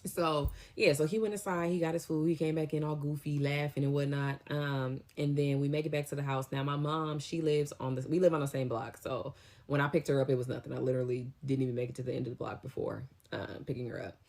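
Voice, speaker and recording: A young adult woman casually telling a storytime tale, in an animated, slangy way with lively acted-out quotes. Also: low-pitched, fast. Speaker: storytime vlogger.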